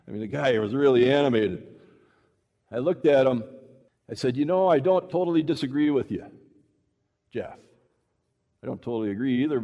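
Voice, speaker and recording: A man preaching a sermon to a congregation, telling a story and acting out the dialogue with lively shifts in pace. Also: medium pitch. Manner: animated, acts out dialogue, shifts pace often. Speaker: preacher teaching evangelism. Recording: long hall reverb.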